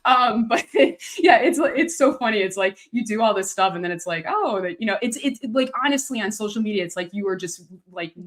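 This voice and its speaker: Animated, laughing woman author on a call. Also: medium pitch, fairly quick, hardly any pauses. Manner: animated storyteller, laughs often. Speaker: author guest. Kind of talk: casual video chat.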